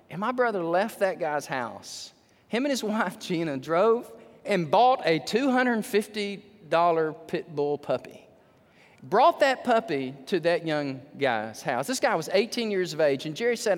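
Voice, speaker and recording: A male pastor preaches in a church sanctuary, weaving a story into his sermon. His voice is fairly high and very lively, swinging from loud bursts to quiet asides. A long hall reverb trails every phrase. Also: a little slow. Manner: animated, swinging between loud and hushed.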